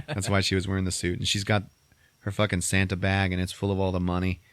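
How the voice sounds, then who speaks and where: Low-voiced man telling a movie story. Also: a little fast, no room sound. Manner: animated storytelling, swearing, acting out characters in squeaky voices. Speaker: podcast host recapping a movie. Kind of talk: casual chat.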